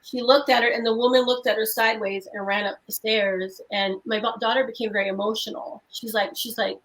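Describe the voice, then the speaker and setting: A woman's voice: a little high, fairly even intonation, brisk, a bit bright, rough recording. Earnest woman telling a story in tumbling run-ons. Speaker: guest paranormal investigator. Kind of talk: emotional storytelling in casual chat.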